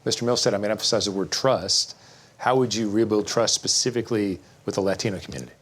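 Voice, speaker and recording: A man moderating a political debate, pressing candidates with probing follow-up questions. His voice sits fairly low and he talks at a quick clip. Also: a bit bright, slightly rough.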